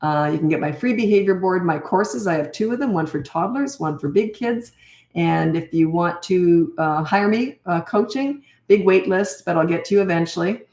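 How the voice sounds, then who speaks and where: A woman's voice: lowish voice, animated, moderate pace, a little mellow. Blunt older woman in an echoey room. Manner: blunt, no-nonsense, acts out quoted lines. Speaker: parenting coach. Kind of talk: casual advice talk.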